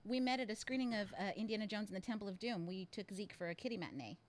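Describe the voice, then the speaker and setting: A woman co-hosting a podcast in casual chat, playful and quick to laugh while sharing news. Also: mid-range voice. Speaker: podcast co-host.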